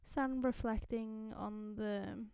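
A woman's voice: on the high side, fairly even intonation, slow, vocal fry, a little mellow, clean tone, no room sound. A woman co-hosting a podcast, chatting casually about comics and paraphrasing characters in acted-out quotes. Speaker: podcast co-host.

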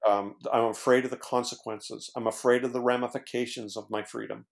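A man's voice: medium pitch, flat delivery, fairly quick, vocal fry. A man, a former pastor, earnestly telling his own story as a podcast guest, with many fillers and restarts. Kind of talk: casual storytelling in conversation.

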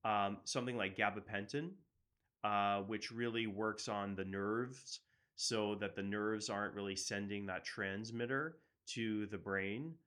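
Bright-voiced man co-hosting a medical chat. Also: fairly low pitch, fairly even intonation. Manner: conversational, teasing, quick to chime in. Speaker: medical co-host. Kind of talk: casual medical talk show.

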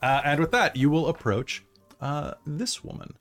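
A man's voice: a little high, normal speed, faint music behind. Chatty man running a tabletop game. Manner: relaxed, chatty, stumbles over words. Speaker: game master and podcast host.

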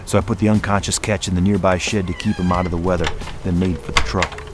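A man reading a first-person story aloud in a hushed, somber storytelling manner. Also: deep voice, steady tone, fast talker, music in the background. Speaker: narrator. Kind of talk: scripted first-person narration.

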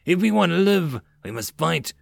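A man's voice: a little high, big pitch swings, moderate pace, creaky, no echo, voice pushed up, heavily acted. A man voicing a scheming, angry ex-slave rebel leader who hisses with bitter fervor. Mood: fearful. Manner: hissing, bitter, fervent.

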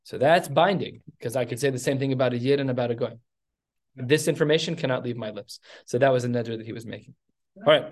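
A man leading a text study class, telling the story with animated asides. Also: medium pitch, quick pace.

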